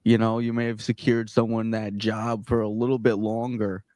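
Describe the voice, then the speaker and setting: A man hosts a casual podcast in a lowish, easygoing voice. He pauses and hedges as he speaks. The sound is dry and close. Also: little pitch movement, a little mellow, no echo. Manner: easygoing, hesitant with fillers. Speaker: podcast host.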